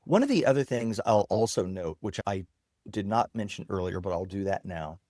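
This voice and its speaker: Male software founder, casual demo talk, dead-dry recording. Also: sits low, lively intonation, moderate pace, no echo. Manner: explains while demonstrating software on screen. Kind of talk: casual interview.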